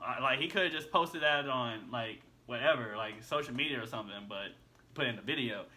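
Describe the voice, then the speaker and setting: A man's voice: medium pitch, brisk, sharp tone. A man hosting a reaction video, giving blunt casual commentary and peppering it with slang. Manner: blunt, repeats himself, slangy with "bro".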